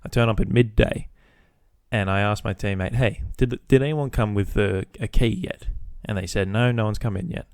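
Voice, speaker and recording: A man's voice: fairly low pitch, steady tone, moderate pace, darkish tone, no room sound, studio quality. A man hosting a podcast, telling a casual story about his workday with swearing, acting out both sides of phone calls. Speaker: podcast host.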